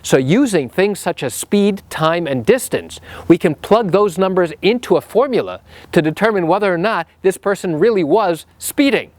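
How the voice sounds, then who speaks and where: A man's voice: sits high, normal speed, dry recording. Man explaining courtroom practice, dry close sound. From New York. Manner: animated, acts out courtroom exchanges in his own voice. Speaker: lawyer explaining trial practice. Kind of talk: direct-to-camera explainer.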